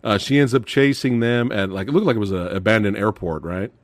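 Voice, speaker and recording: A man hosting a casual film review chat, excitable and swearing freely, laughing often as he retells scenes. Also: fairly low pitch, brisk, no echo. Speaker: podcast host reviewing films.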